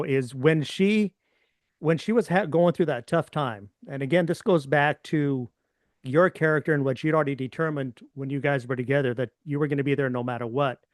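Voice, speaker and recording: A man's voice: fairly high pitch, dry recording, studio quality. A man hosting an interview, asking long questions that he often restarts. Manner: rambling, restarts his questions. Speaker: podcast host.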